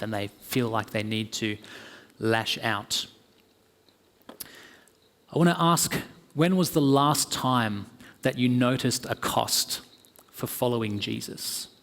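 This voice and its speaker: A man's voice: medium pitch, a bit bright. A man with an Australian accent giving a sermon as a guest preacher, telling stories in an earnest, conversational way with fillers. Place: church hall. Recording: church hall with long reverb.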